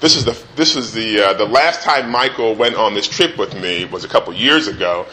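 A middle-aged father telling a personal anecdote in a relaxed, animated way, acting out the voices. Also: fairly low pitch, normal speed. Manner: animated, acts out the voices in his story. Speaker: storyteller.

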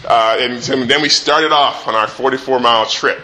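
A middle-aged father telling a personal anecdote in a relaxed, animated way, acting out the voices. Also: mid-range voice, normal speed. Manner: animated, acts out the voices in his story. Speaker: storyteller.

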